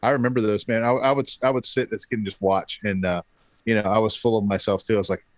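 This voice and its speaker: A man in his thirties tells a story in relaxed, casual talk. He jumps up in pitch to act out what others said, and his voice sounds dry and close to the mic. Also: fast, no echo. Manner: animated, acts out quotes. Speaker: podcast guest.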